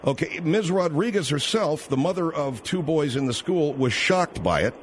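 A man's voice: fairly high pitch, lively intonation, slight background noise. A man hosting a comedic talk radio show, combative and incredulous, reeling off the call-in number. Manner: combative, incredulous, rapid-fire call-in plugs.

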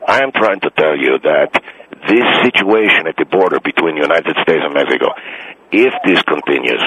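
A man from Argentina speaks as a radio guest, his voice extremely low yet forceful and bright in tone. He argues insistently, halting often on fillers before pressing on. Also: poor audio. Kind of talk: heated radio debate.

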